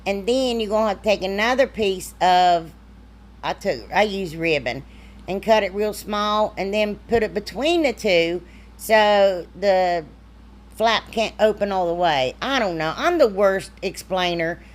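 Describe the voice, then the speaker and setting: A woman's voice: mid-range voice, animated, a little slow. A woman, chatty and self-deprecating, talking through a craft tutorial. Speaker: craft vlogger. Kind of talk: casual crafting tutorial voice-over.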